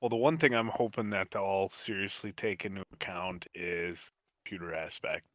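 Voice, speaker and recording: A man's voice: low voice, normal speed, a bit bright, no room sound, muffled recording. A man chatting with a friend during a game, making dry remarks and sharing work news. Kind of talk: casual chat over gameplay.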